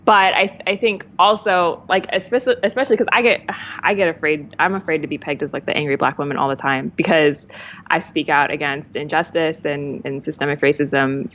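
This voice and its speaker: Woman, low voice, candid casual talk, frequent laughs, slightly dull lo-fi sound. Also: fairly even intonation, a bit bright, a little hiss or hum. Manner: candid, laughs often, speeds up and slows down. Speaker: podcast guest. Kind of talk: casual conversation.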